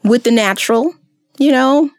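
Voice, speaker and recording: A woman's voice: fairly high pitch, normal speed, dry recording. A woman co-hosting a podcast, chatting casually and emphatically with lots of fillers. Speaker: podcast co-host. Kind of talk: casual chat.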